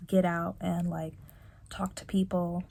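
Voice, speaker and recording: A young woman vlogging reflectively from her bedroom, talking softly and haltingly with many fillers and restarts. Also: on the low side, level tone, gravelly, slight background noise. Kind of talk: reflective personal vlog.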